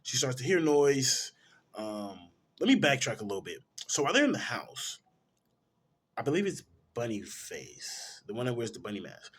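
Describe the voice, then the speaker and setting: A man reviewing films, retelling a movie's plot in a casual, animated way full of slang. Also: medium pitch, moderate pace, breathy edge. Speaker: film reviewer.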